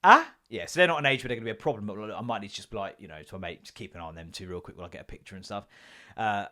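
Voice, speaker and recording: A man with a lowish voice rattles through stories at rapid-fire speed in a solo comedy podcast, ranting, swearing, and acting out the people he quotes.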